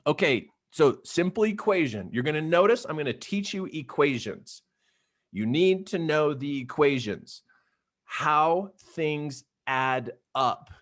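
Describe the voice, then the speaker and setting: A middle-aged man running a playful, animated online training session for young people. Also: medium pitch. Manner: animated, playful, talks straight to young viewers. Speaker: youth trainer. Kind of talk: live online training for kids.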